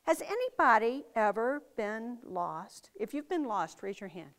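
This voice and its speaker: A woman's voice: fairly high pitch, big pitch swings, fairly bright tone. A middle-aged woman teaching young children safety rules, speaking emphatically and asking them lots of questions. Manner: slow, emphatic, asks the children many questions.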